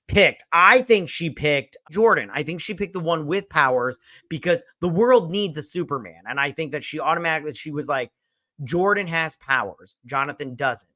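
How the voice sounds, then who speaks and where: A male reviewer talks through an episode with gushing enthusiasm, rambling and cursing casually. His voice is bright and forceful, and the sound is close and dry. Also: on the high side, no room sound. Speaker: show host and reviewer.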